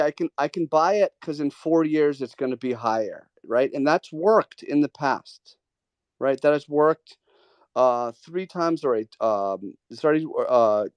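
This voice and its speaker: A man with a somewhat high voice coaches callers in a loose, emphatic way and comes back to the same points until they land. The sound is dry and close, with no room around it. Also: clean tone, no room sound. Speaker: host of a trading Q&A. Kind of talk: casual mentoring talk.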